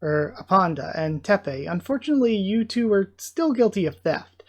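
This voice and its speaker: A calm, steady border patrol captain, read aloud by a man with a slightly high voice. He sounds reassuring and measured, like a manga character being read out. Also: heavily acted.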